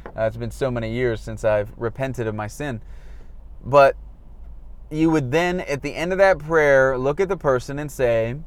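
A man speaks in a frank, self-deprecating way from the driver's seat of a car. His voice sits in a middle range, and he slips into quick impressions of the people he once talked to. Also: medium pitch, clear, resonant tone. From Florida, US. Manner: candid, self-deprecating, acts out quoted dialogue. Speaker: former evangelist recounting his past. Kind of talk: casual reflective monologue. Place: in a car in traffic.

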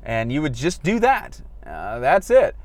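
A man's voice: medium pitch, huge pitch swings, measured pace, a little mellow, dry recording. A man talking candidly in a car stuck in traffic, looking back on his days as a street evangelist and acting out the lines he used. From Florida, US. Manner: candid, self-deprecating, acts out quoted dialogue. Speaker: former evangelist recounting his past. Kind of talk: casual reflective monologue.

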